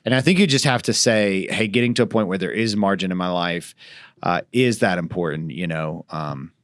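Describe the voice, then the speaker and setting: A man's voice: sits low, moderate pace, dry recording, studio quality. A male pastor chatting casually on a church podcast, rambling with frequent restarts.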